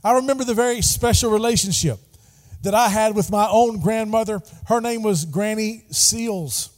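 Middle-aged preacher, high mellow voice, call-and-response sermon, reverberant sanctuary. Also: male voice, moderate pace. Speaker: pastor. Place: church sanctuary. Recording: long hall reverb.

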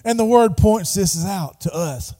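Middle-aged preacher, high mellow voice, call-and-response sermon, reverberant sanctuary. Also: male voice, expressive, measured pace. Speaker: pastor. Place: church sanctuary. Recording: long hall reverb.

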